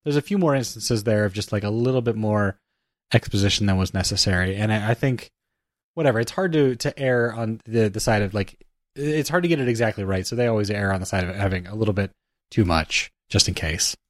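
Low-voiced man, thoughtful film talk. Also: fairly quick, no room sound, clean studio sound. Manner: hesitant, many fillers and restarts, thoughtful. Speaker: podcast co-host. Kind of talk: casual film discussion.

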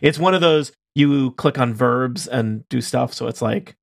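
A man with a mid-range, gravelly voice chats on a casual podcast, recorded dry and close. He is playful and laughs often between his tangents. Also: mid-range voice, measured pace, dry recording. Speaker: podcast co-host.

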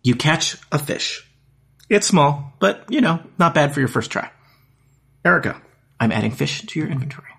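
A man acting as game master, narrating a text adventure aloud in plain, measured parser-style lines. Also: fairly high pitch, very animated, creaky, fairly bright tone, husky.

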